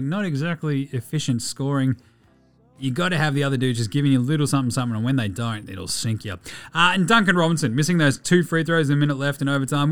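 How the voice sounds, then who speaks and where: A man's voice: mid-range voice, smooth. An Australian man hosting a podcast, giving a casual, chatty rundown of basketball games, swearing freely as he goes. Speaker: podcast host.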